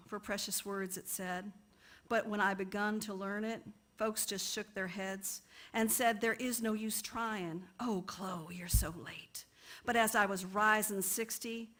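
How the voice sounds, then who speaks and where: A woman's voice: mid-range voice, fairly even intonation, measured pace, bright, forceful tone. A woman reading a poem aloud in the voice of an older woman who learned to read late in life, in a put-on dialect. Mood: proud. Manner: reads verse in a put-on dialect.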